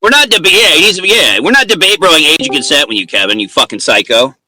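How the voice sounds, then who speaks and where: Bright, lively-voiced man angrily accusing. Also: a little high. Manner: loud, accusing, profane, rapid interrupting. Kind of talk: heated voice chat argument.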